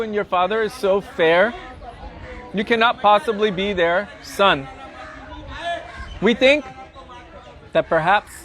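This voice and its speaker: A man's voice: sits high, fairly bright tone. A man voicing a group of teasing village boys who mock their friend, outdoors with faint crowd sounds. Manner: mocking, gossipy. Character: teasing band of young cowherd boys.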